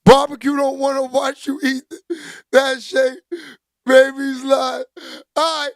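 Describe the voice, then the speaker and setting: A man hosting a casual livestream, loud and joking as he greets viewers by name and reads their comments. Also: very high voice, flat delivery, slow, vocal fry, dry recording, studio quality. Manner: loud, joking, shouts out chat names. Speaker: livestream host reading chat. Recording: music playing behind.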